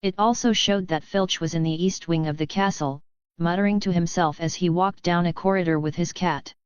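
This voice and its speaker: A woman narrating a fantasy novel audiobook in a steady, even storytelling manner. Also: on the low side, fairly quick, clean tone, no room sound, highs cut off. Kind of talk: scripted narration.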